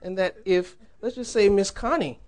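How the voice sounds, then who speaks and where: A man's voice: high voice, normal speed, a little mellow. A young man giving a sermon in a church, conversational and humorous, laughing often. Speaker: preacher.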